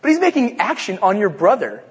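A man giving a casual Bible lesson, halting and repeating himself with many fillers. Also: high voice, huge pitch swings, breathy edge. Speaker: Bible study teacher. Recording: long hall reverb.

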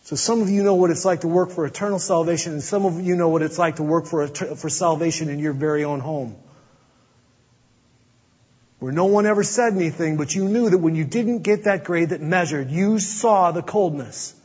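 A man preaching a sermon as pastor, earnest, dropping to a hush to press his points. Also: fairly high pitch, normal speed, breathy edge. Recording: dull audio with long hall reverb.

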